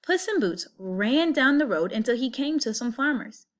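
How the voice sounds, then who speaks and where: A woman reading a children's picture book aloud, with an expressive story-telling lilt. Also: a little high, normal speed. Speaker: storybook reader.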